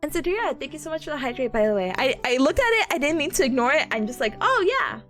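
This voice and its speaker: A young woman streamer tells a story in casual chat, her high voice swooping up and down as she acts out the lines. She laughs often along the way. Faint music plays quietly behind her. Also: very fast. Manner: animated storytelling, frequent laughs, acts out quotes.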